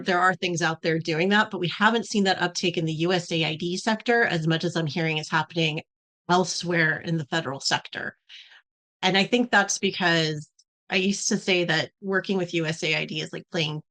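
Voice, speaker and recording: A woman speaking as a podcast guest, explaining points in a measured, steady way with some fillers. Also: on the low side. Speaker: podcast guest, company executive. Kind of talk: casual podcast discussion.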